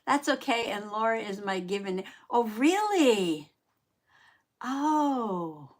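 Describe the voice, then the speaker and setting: Unhurried, chatty older woman hosting. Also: fairly high pitch, big pitch swings. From Southern Indiana. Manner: chatty, greets viewers by name, laughs often. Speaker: live-stream art host. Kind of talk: casual live-stream chat.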